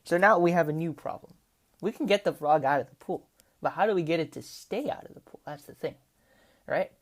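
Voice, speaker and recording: A woman's voice: low-pitched, fairly quick. A woman telling a rambling, casual story over gameplay as a commentator, with lots of "like" and "right?". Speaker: gaming commentator.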